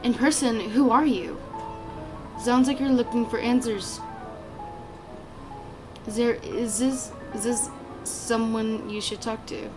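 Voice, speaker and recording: A woman reading out the lines of a mysterious female game character in a loose put-on accent, slow and deliberate. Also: a little high, steady tone, music in the background, low-quality recording. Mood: questioning.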